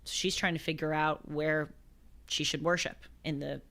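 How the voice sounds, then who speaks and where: A young woman in her twenties hosts a talk show and reflects on scripture. Her voice sits a little low. She speaks earnestly and thoughtfully, often circling back to restart a phrase. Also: fairly even intonation, normal speed, a bit bright. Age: 20s. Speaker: show host.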